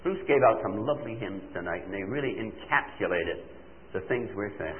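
An older man preaching a sermon, animated and full of rhetorical questions, playing out his listeners' answers himself. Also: fairly low pitch, a little fast, slight background noise. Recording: tinny phone-like recording.

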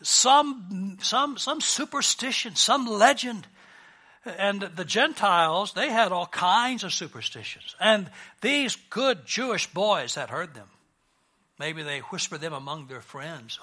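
Pastor, male; high, forceful voice; casual joking sermon delivery. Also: animated, measured pace. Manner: conversational and lightly joking, with frequent restarts.

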